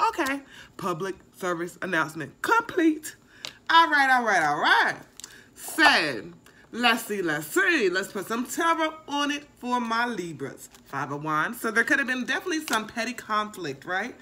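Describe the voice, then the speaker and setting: A woman's voice: a little high, big pitch swings, normal speed, bright, forceful tone. A young woman giving a casual tarot reading, emphatic and swearing freely, often repeating herself. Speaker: tarot reader.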